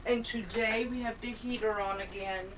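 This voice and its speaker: A woman's voice: fairly high pitch, steady tone, moderate pace, noisy background. An older woman opening a craft swap package on her video blog, gushing and exclaiming over each tiny item. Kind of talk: casual unboxing chat. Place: cold home, heater on.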